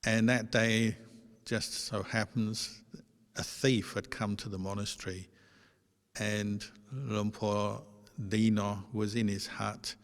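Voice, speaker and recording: A man, a Buddhist monk, giving a dharma talk in a gentle, conversational storytelling manner. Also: on the low side, little pitch movement, slow pace. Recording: long hall reverb.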